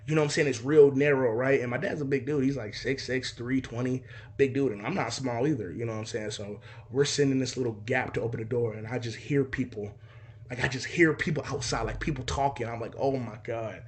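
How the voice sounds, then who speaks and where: A man's voice: medium pitch, fairly quick, slightly rough. A young man casually telling a personal story, swearing freely and acting out other people's voices and sound effects. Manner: animated, profane, acts out voices and sound effects.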